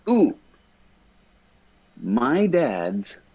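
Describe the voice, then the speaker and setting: A man's voice: medium pitch, big pitch swings, extremely slow, a little mellow, slightly rough, lo-fi sound. A man in casual podcast chat, stoned, rambling and swearing as he talks. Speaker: podcast guest.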